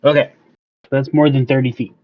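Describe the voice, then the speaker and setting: A man's voice: mid-range voice, little pitch movement, normal speed. Male player with a dull, lo-fi sound. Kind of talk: casual tabletop play.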